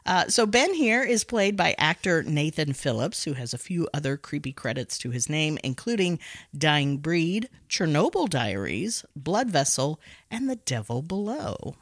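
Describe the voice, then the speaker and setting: A woman's voice: low voice, measured pace, no room sound, studio quality. A woman hosting a podcast, recapping a horror film in a casual, jokey way with frequent laughs. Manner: animated, laughs often, jokey asides. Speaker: podcast host.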